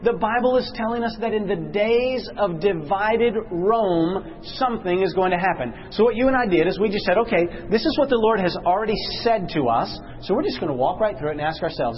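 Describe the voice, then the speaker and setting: Bible class teacher, man, higher voice, quizzes the room, slows down for emphasis; muffled recording. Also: lively intonation, slight background noise. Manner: questions the class, slows and drops low for emphasis.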